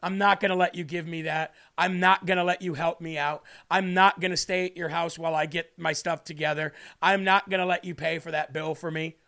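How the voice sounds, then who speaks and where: A man's voice: fairly high pitch, little pitch movement, a little fast, gravelly, hardly any pauses, sharp tone. A man preaching an emotional livestream sermon, pleading and repeating questions for emphasis.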